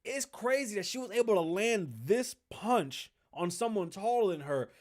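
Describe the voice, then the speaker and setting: A man hosting a podcast alone, ranting casually and profanely in animated commentary. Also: sits high, moderate pace. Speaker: podcast host.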